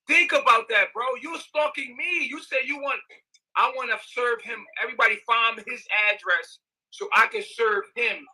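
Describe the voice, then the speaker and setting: A man's voice: very high-pitched, normal speed, bright, forceful tone, poor audio. Agitated man ranting on a livestream. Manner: agitated, repetitive, profane, emphatic.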